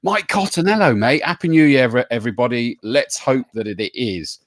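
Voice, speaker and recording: A man's voice: mid-range voice, expressive, fairly quick, no echo, studio quality. Jokey man hosting a stream. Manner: jokey, reads out viewer names with greetings. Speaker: host. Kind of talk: casual live-stream chat.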